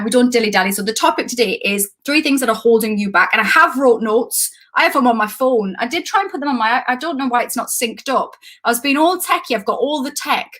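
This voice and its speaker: A Geordie woman in her thirties talks through a live coaching stream from her home. Her voice sits a little high, and she rambles and wanders off topic in a chatty, self-deprecating manner. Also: fairly bright tone.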